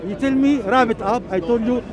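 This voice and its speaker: A man's voice: very high-pitched, a little fast, some chatter behind. Insistent man arguing in a street debate. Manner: insistent, repeats himself. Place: outdoors on a busy city street.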